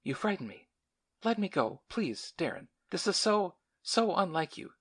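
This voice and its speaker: A man's voice: high voice, very animated, measured pace, a bit bright, husky, pitched above the performer's own voice, exaggerated voice. A man voicing a distraught young woman in an audiobook, pleading and tearful in a raised, strained voice.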